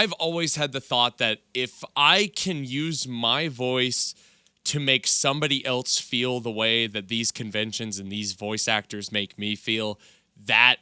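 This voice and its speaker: Earnest man with a bright voice. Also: medium pitch, clear, resonant tone, no echo, clean studio sound. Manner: earnest, halting. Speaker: voice actor. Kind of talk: casual interview answers.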